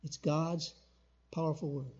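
An older man preaching a sermon as a guest pastor in a church, emphatic, with loud call-and-response bursts. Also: fairly high pitch, level tone, a little slow, husky, dull audio. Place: church sanctuary.

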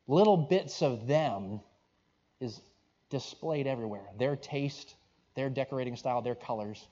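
A man's voice: mid-range voice, measured pace, warm tone. Rambling storytelling preacher, a man. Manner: conversational, rambling with restarts and asides. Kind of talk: sermon storytelling. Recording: dull lo-fi recording.

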